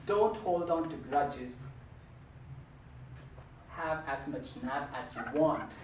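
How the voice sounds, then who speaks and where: A man's voice: fairly high pitch, takes it slowly. Guy doing a funny tall tale speech at a contest, sounds far away in a roomy hall, bit of hiss. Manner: playful, theatrical delivery with varied emphasis. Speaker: contest speaker. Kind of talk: humorous storytelling speech.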